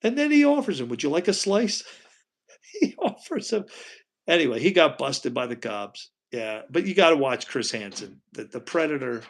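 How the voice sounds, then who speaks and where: Chatty man with a gravelly voice. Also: medium pitch, big pitch swings, moderate pace. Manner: chatty, rambling, asks viewers questions. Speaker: live stream host. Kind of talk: casual live stream chat, reading comments. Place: at home.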